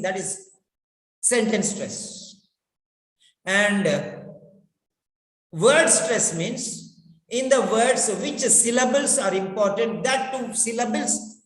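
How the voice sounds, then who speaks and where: An unhurried teacher lectures on speaking, saying each key phrase twice and turning to the students to make a point. The voice rings through an echoey hall with a long tail of reverb. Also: mid-range voice. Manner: repeats key phrases slowly for emphasis; instructive, addresses students directly. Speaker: spoken English teacher.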